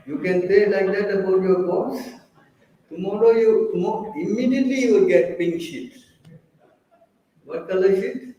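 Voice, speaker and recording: A man's voice: sits high, dark tone, heavy reverb, far from the mic, muffled recording. A man giving a scripture class, firing questions at his listeners and teasing them when they don't answer. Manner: quizzes and teases listeners. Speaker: preacher.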